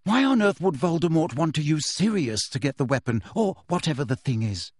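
A man's voice: on the high side, big pitch swings, a little fast, slightly rough, no echo, clean studio sound, pitched above the performer's own voice. A man reading aloud and voicing an anxious, insistent teenage witch girl who pleads and reasons hesitantly. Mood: pleading.

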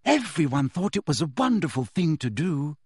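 A man's voice: a little high, very animated, normal speed, slightly rough, dry recording, clean studio sound, pitched above the performer's own voice. A man reading aloud and voicing an anxious, insistent teenage witch girl who pleads and reasons hesitantly. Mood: pleading.

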